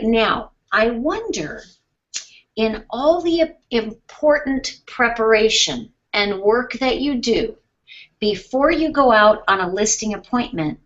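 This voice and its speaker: A woman coaching sales skills on a webinar, taking her time with measured, unhurried phrasing. She speaks calmly, leans on questions, and lets pauses land. Her voice comes through slightly dull and muffled webinar audio. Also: a little high. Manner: calm, question-based, deliberate pauses. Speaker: sales trainer.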